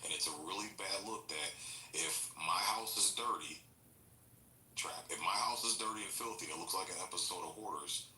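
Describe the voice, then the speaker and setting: A man's voice: low-pitched, fast, hardly any pauses, bright, forceful tone. A man in a heated online debate, lecturing and insisting on finishing his point. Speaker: debate participant. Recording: roomy echo, faint noise.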